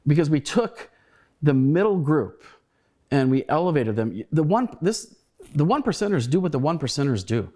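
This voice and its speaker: A man's voice: a little high, very animated, normal speed, dark tone. Reflective male podcast host. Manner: conversational, restarts words, reflective storytelling. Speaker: podcast host, former colleague. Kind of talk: casual podcast conversation.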